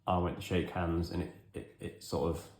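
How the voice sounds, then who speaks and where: A man's voice: deep voice, level tone, moderate pace, a little mellow, roomy sound. An English man in his forties telling a rambling, self-deprecating story while tidying his hobby room. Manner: self-deprecating, wry, chatty. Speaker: hobby vlogger.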